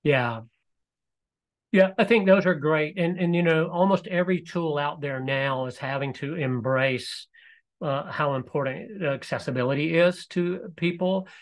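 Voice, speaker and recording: A man leads a live software walkthrough over a video call. His voice sits a little high, and he explains things in a loose, easygoing way, full of fillers and restarts. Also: unhurried. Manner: relaxed, explanatory, with frequent fillers. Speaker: presenter demonstrating e-learning software. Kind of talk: live webinar software demo.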